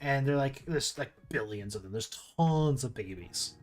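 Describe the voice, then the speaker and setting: A man's voice: mid-range voice, lively intonation, moderate pace, soft background music. A man streaming casual commentary while ranking movies, rambling with restarts and asides.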